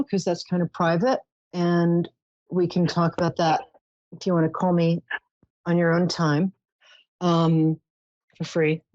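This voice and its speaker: A woman's voice: on the low side, darkish tone, no echo. Soothing woman psychic host, dull dry sound. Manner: soothing, showers callers with endearments. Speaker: psychic call-in show host. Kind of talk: call-in psychic reading.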